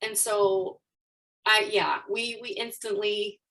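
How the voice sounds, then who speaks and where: A woman's voice: mid-range voice, fairly even intonation, takes it slowly, vocal fry, a bit bright, recorded from a distance, poor audio. A woman life coach, a podcast guest, sharing her story openly and with emotion. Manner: open and emotional. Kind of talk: candid personal storytelling.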